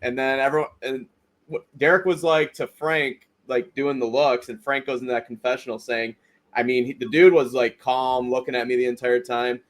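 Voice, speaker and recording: A man's voice: mid-range voice, normal speed. A man hosting a podcast, recapping a reality show episode in casual chat, acting out the cast's lines and swearing freely. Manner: animated storyteller, acts out quotes, swears freely. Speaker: podcast host.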